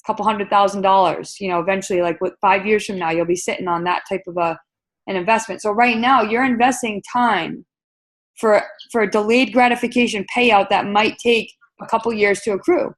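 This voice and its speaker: A woman at a mid-range pitch talks a sales team through a webinar training. She coaches in an upbeat, conversational way, full of fillers and restarts. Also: steady tone, fairly quick.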